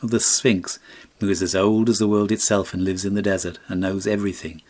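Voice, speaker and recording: A man reading a classic fairy tale as an audiobook, measured and expressive. His voice sits low with a husky edge. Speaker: audiobook narrator. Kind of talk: scripted storybook narration.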